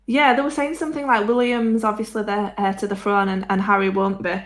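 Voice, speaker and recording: A woman with a Yorkshire accent co-hosting a live-streamed podcast, chatting frankly and quickly, laughing often. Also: medium pitch, steady tone. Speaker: podcast co-host. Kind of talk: casual live-stream chat.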